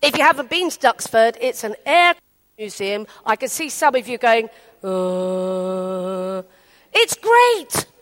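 Woman, English, preacher, chatty anecdotes, high pitch, very animated. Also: moderate pace. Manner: chatty, animated, acts out quotes. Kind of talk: storytelling sermon.

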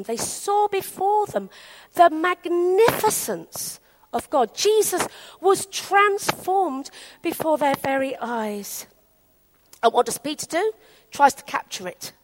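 Woman, English, preacher, chatty anecdotes, high pitch, very animated. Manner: chatty, animated, acts out quotes. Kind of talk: storytelling sermon.

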